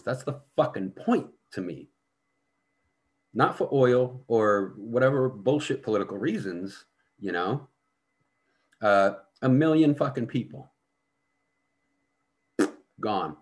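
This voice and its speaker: Middle-aged American man, low gravel-free baritone, swears freely, tells war stories candidly. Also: lively intonation, measured pace, pauses often. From United States. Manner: heavy swearing, blunt, vivid storytelling. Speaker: podcast guest, veteran actor. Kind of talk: casual storytelling conversation.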